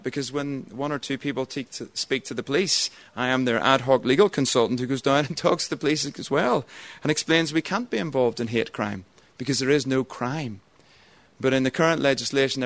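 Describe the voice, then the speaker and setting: A man and church member giving a formal debate speech, measured and argumentative. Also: mid-range voice, a bit bright, no room sound.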